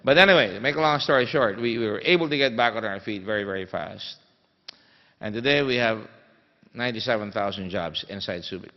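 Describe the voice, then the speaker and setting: Emphatic man, lower voice, echoing hall. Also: brisk. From Philippines. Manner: storytelling, emphatic, many fillers. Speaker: guest speaker. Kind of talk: anecdotal conference speech. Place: conference hall. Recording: dull sound in a reverberant hall.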